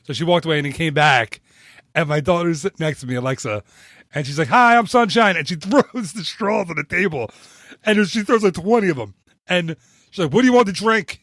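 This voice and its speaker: A man co-hosting a podcast, chatting casually and telling a lively story with frequent restarts. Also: on the high side, fairly quick, dry recording, clean studio sound. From northern United States. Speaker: podcast co-host. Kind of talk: casual chat.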